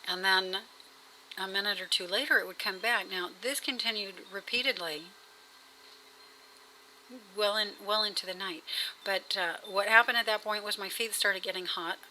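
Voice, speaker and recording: A woman's voice: medium pitch, normal speed, sharp tone, a little hiss or hum, rough recording. A woman talking in a casual video diary, rambling and hesitant, with many fillers and restarts. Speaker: vlogger. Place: at home.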